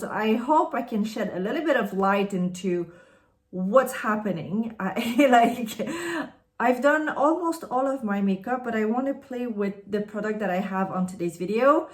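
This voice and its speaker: A woman's voice: fairly high pitch, normal speed. A woman from Canada whose first language is French, chatting in a friendly, rambling way as she unboxes and reviews products on her vlog. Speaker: beauty vlogger.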